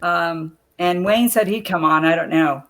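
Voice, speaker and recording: A woman's voice: on the low side, unhurried, fairly bright tone. A woman guest on a video call interview, telling stories in a chatty way and laughing often. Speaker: guest, former wrestler. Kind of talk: casual interview chat.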